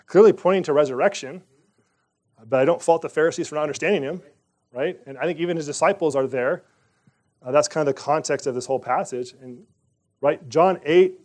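A man's voice: a little high, darkish tone. A man leading a Bible study, reading scripture aloud and talking it through in a conversational way, with asides and questions to the group.

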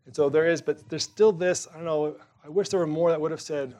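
A man's voice: on the high side, fairly even intonation, fairly quick, hardly any pauses. Man preaching in a conversational sermon. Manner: conversational preaching, swings between emphatic and quiet. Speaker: pastor.

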